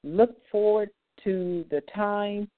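The host of an online community call gives an informal spiritual talk on scripture, halting often with fillers and restarts. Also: medium pitch, steady tone, no echo. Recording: tinny phone-line sound, dry.

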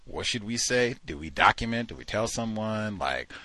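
A man's voice: on the low side, expressive, normal speed, bright, forceful tone, no room sound. A man hosting a talk show, giving incredulous, mocking commentary and acting out the people he quotes. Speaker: host.

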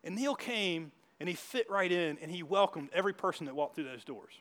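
A man's voice: sits high, animated, brisk, fairly bright tone. A man preaching a sermon as pastor, telling stories in a church with frequent restarts and asides. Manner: storytelling with many restarts and asides. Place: church hall.

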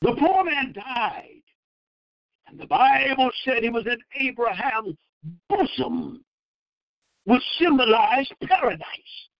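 A man preaching a fervent sermon, acting out the people in the verses and breaking into loud bursts. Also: very high-pitched, expressive, takes it slowly, pauses often, dry recording, muffled recording. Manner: acts out the speakers in the verses.

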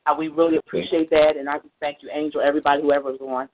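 High-voiced man, effusive on a phone call. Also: level tone, fast. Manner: effusive, emphatic, repeats phrases. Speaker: family member on a ministry call. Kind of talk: heartfelt church talk. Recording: tinny phone line with faint noise.

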